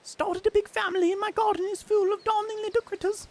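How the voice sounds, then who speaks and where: A woman's voice: very high-pitched, level tone, quick pace, darkish tone, voice pushed up. A streamer doing a put-on British accent to read out a letter as a prim, genteel English lady in a game. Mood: genteel, chatty.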